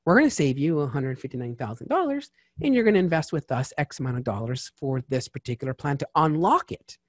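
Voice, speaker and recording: A man's voice: a little high, fast, no echo. Chatty man with a dry sound. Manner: lively, chatty, full of asides and fillers. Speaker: tax strategist guest. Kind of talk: casual interview chat.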